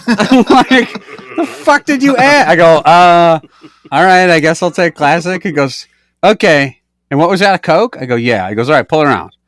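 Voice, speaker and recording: A man co-hosting a podcast tells a story in casual chat, acting out both sides and swearing freely. His fairly high voice is expressive and moves at a moderate pace. The recording is dry, with clean studio sound.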